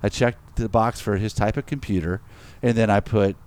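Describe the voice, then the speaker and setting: A middle-aged man with a fairly low voice tells a story in casual conversation. He jumps into the quoted voices and laughs easily. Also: normal speed, clean tone. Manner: animated, laughs often, acts out quotes. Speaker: co-host telling a story.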